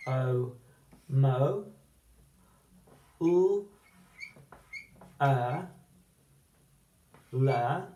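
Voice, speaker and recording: A man teaching a phonics lesson, slowly sounding out letters and words. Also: mid-range voice, warm tone, reverberant, low-quality recording. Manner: slow, deliberate, sounding out letters.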